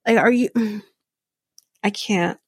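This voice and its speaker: A woman's voice: medium pitch, takes it slowly, breathy edge, no echo, clean studio sound. A woman hosting a podcast, recapping a reality show in a blunt, profane, exasperated rant. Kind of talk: casual solo recap.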